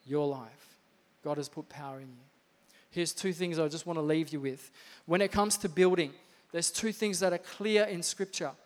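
A male pastor preaching an energetic, emphatic sermon with lots of repetition in a church. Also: fairly high pitch. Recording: reverberant church hall.

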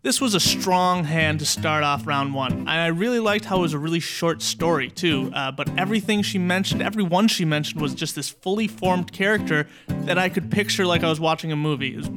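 A man's voice: fairly high pitch, fairly quick. Enthusiastic male co-host recapping, music behind. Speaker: show host. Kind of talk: summarizing and judging a story.

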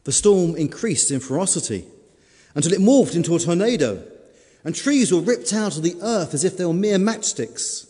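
A man preaches in a storytelling way, leaning hard on his words and then easing off. His voice is mellow and a little higher than usual for a man. It rings out with a long reverb, like in a big hall. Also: lively intonation, normal speed. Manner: storytelling, dramatic, varied emphasis. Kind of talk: sermon.

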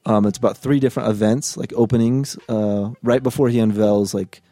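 A man's voice: fairly low pitch, steady tone, brisk, warm tone, no room sound. A young man co-hosting a casual podcast chat, blunt and joking, with slangy talk. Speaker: podcast co-host.

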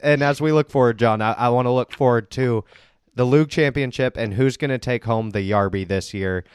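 A man's voice: mid-range voice, moderate pace, smooth, no echo. A man hosting a casual podcast, joking and teasing his guests and laughing often. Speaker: podcast host and league commissioner.

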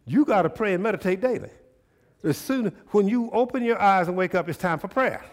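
A male pastor delivers a sermon to his congregation in church, with a voice that sits a little higher than most men's. His manner is folksy and conversational. He keeps turning to the congregation with rhetorical questions. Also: expressive, brisk.

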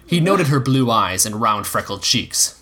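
A man's voice: mid-range voice, very animated, measured pace, sharp tone, husky. A man narrating a story aloud, reading expressively and giving the characters voices. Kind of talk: reading fan fiction aloud.

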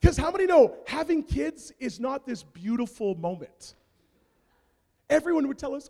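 High-voiced, animated preacher in a hall. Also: male voice, normal speed. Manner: animated comic storytelling, big swings in loudness. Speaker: pastor. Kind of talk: sermon. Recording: long reverb of a large hall.

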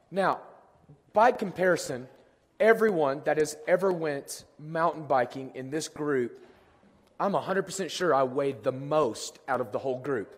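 Hoarse pastor preaching in a reverberant church. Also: male voice, a little high. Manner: self-deprecating storytelling, lively and joking. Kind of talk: sermon. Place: church sanctuary. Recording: long hall reverb.

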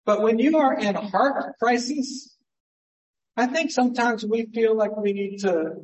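A man's voice: sits high, distant mic, poor audio. Male pastor mid-sermon, casual and emphatic by turns, heard from a bit off the mic. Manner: conversational preaching, swings between emphatic and hushed.

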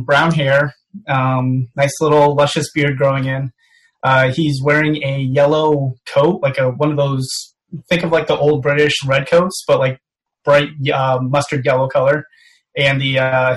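A man's voice: medium pitch, a bit bright, poor audio. Hesitant man describing his character. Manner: hesitant, many fillers. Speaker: player. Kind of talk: casual tabletop role-play.

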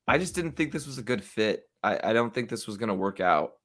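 A man's voice: fairly low pitch, lively intonation, brisk, a bit bright. A young man in casual, opinionated sports chat with a friend, swearing freely. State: hiccups.

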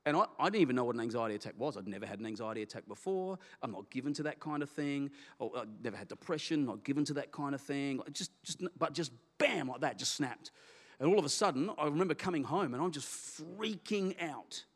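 A middle-aged man, a pastor, telling a candid personal story in a sermon with an animated, self-deprecating manner. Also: medium pitch, fast. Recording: long hall reverb.

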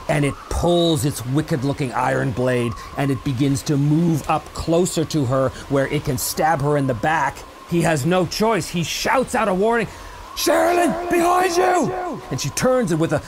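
A man's voice: a little high, noisy background. Dramatic male game master narrating. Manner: dramatic storytelling, with fillers and restarts. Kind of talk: narrating a tabletop role-playing game.

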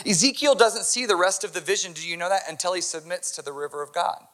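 Man, pastor, sermon, impassioned, fairly high-pitched, hushed to loud. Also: fast talker.

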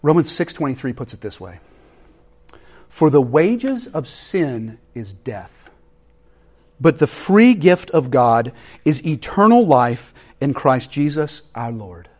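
A man preaching a sermon, swinging between joking, conversational asides and hushed, intense passages. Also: medium pitch, takes it slowly. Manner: animated preaching with sudden loud peaks and hushed drops. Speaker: pastor.

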